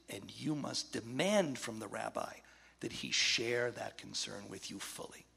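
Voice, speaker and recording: A man's voice: mid-range voice, gravelly, a bit bright, slightly rough, long reverb tail. A man in his fifties or older, a rabbi telling an earnest, impassioned story to an audience, sometimes sinking to a near-whisper.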